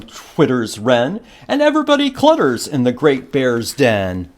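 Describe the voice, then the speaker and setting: Acting out every line with wide pitch swings, a male librarian gives small children an expressive picture-book read-aloud at storytime. His pace is leisurely, with dramatic lines drawn out and regular pauses for questions to the listeners.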